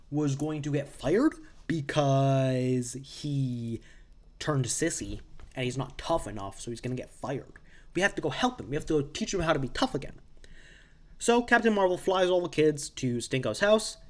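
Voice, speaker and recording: Brief: young male comics vlogger, chatty and rambling, mid-pitched voice, self-interrupting asides. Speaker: comics reviewer. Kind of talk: casual recap monologue.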